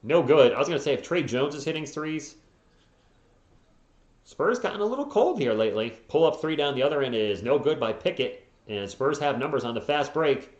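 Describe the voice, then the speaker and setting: A man's voice: a little high, animated, brisk. A man hosting a live fan stream, calling play-by-play and chatting casually with viewers between plays, often chuckling. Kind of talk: fan play-by-play commentary with chat replies. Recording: roomy, slightly dull home stream audio.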